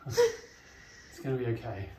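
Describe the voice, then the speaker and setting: A man co-hosting a vlog, talking in a slow, reassuring way in a manor house cellar. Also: mid-range voice, wildly swooping pitch. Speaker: vlog co-host. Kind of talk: casual vlog talk. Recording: noisy background.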